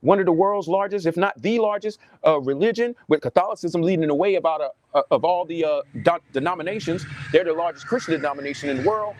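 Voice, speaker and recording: A man preaching to camera in a Southern US accent, animated and mocking, often repeating himself. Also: fairly high pitch, fast talker, hardly any pauses, dry recording. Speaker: pastor. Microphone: webcam or phone on a desk, livestream.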